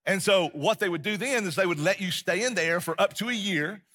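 A man preaching a sermon as a pastor, telling the story vividly and acting out the scenes, sometimes dropping to a quiet, intense delivery. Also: high-pitched, fairly quick.

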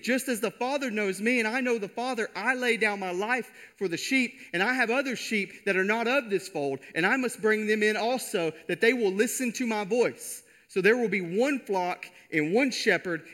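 Preacher, male, high and bright, emphatic sermon delivery with repeated phrases. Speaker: pastor.

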